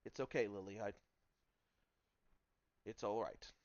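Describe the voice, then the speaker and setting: A man's voice: lowish voice, fairly even intonation, a little slow, a little mellow, dry recording, muffled recording, natural voice. A man doing a stern, strained priest.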